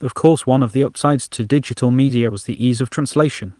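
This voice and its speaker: A male storyteller with a mid-range voice and steady, measured delivery. The read is dry and close, with no room around it. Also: medium pitch, no room sound. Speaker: narrator. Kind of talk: storybook narration.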